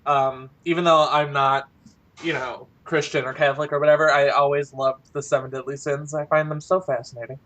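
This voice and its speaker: A woman's voice: low-pitched, flat delivery, brisk, a bit bright, dull audio. A young woman co-hosting a casual review chat, chatty and playful. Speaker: co-host.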